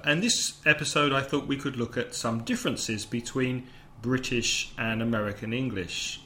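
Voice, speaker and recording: A man hosting a relaxed English-lesson podcast, explaining one word after another. His voice sits at a middle pitch. He throws in quick translations as he goes. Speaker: podcast host and English teacher. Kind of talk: casual teaching podcast.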